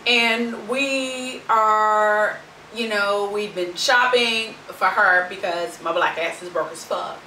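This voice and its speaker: A woman's voice: mid-range voice, slow, bright, forceful tone, reverberant, recorded from a distance, a little hiss or hum, poor audio. A young woman vlogger telling a story in a brash, sassy, profane rant.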